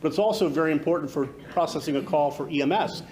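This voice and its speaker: A man's voice: a little high, fast, a little mellow. A man, director of county emergency services, giving a talkative, emphatic presentation to an audience at a community event. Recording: echoey hall from far off, noisy.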